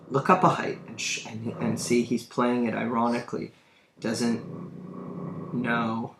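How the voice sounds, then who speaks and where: Male literature teacher, slow and musing, roomy room with faint hum. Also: mid-range voice, monotone. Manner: thoughtful, musing, with emphatic bursts. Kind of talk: lecture on a play.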